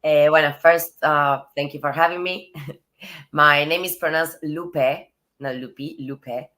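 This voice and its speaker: A woman's voice: low voice, fairly even intonation, unhurried, fairly bright tone. An Argentine woman, a Spanish speaker, talking as an actress guest in a casual interview in a thoughtful way, laughing lightly between phrases.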